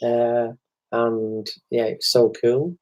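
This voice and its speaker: Brief: middle-aged man, chatty co-host, animated storyteller who slips into others' voices. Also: medium pitch, takes it slowly, dull audio. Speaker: podcast co-host. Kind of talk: casual chat.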